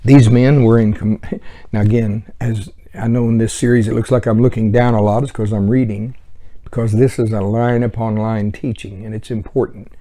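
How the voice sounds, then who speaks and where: A man's voice: fairly low pitch, little pitch movement, moderate pace, dark tone. A man teaching verse by verse through a Bible book in a conversational way, with chuckling asides.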